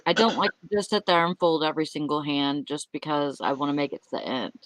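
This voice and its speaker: Female co-host, quick teasing interjections, dry close recording. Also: low-pitched, no echo, rough recording. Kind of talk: casual chat.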